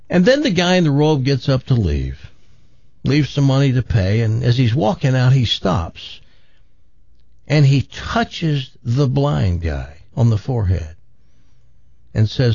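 A man's voice: mid-range voice, normal speed, creaky, dry recording. A man on the radio telling a long joke, acting out each character as he goes. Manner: animated storyteller, acts out characters. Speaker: radio host. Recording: dull radio broadcast.

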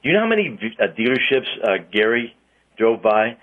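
A man's voice: medium pitch, very animated, a little fast. Rambling male radio host, dull lo-fi sound. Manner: rambling, lots of uhs, chatty. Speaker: radio host and car dealer. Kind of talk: casual radio banter.

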